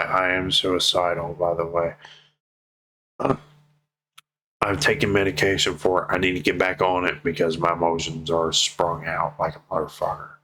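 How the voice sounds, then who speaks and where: A young man talks straight to his audience in a personal vlog, his voice sitting on the low side. He is emotional and heartfelt, casual and unfiltered, with swearing slipping in. A faint background noise runs under the recording. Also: pushed and bright. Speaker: vlogger.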